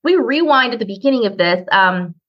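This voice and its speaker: A woman's voice: on the high side, expressive, a little fast. A woman guest in an interview, chatty and self-deprecating as she tells her story. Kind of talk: casual interview talk. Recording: dull lo-fi audio.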